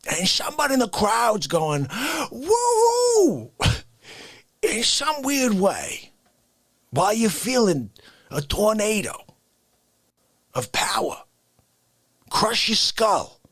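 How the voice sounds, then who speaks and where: A man putting on an indignant Italian tough guy from the Bronx, ranting slowly and dropping from shouts to hushed whispers. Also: sits high, very animated, no echo, heavily acted. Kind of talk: comedic character monologue.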